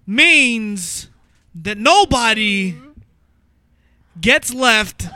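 A woman doing a slow, loud, drawn-out impression of a famous man's voice. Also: a little high, lively intonation, no room sound, studio quality, pitched above the performer's own voice, heavily acted. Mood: grandiose. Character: celebrity impression, slow emphatic man.

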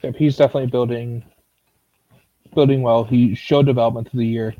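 A man's voice: mid-range voice, flat delivery, a little fast, mellow, dull audio. A man co-hosting a casual sports talk show, loose and a bit sarcastic, rambling as he talks. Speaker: co-host. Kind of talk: casual fantasy football chat.

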